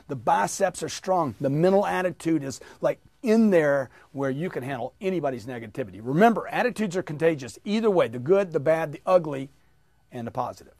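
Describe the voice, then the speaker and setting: Energetic man coaching a sales training. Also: on the high side, dry recording. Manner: energetic, emphatic, coaching the audience to repeat. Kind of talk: motivational sales training talk.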